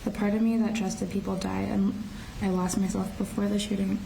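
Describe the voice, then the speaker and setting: Teenage girl, courtroom statement, monotone delivery, subdued and halting, distant faintly noisy recording. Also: mid-range voice, gravelly. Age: teens. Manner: halting, restarting phrases. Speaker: shooting survivor giving a victim impact statement. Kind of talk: reading a prepared statement aloud.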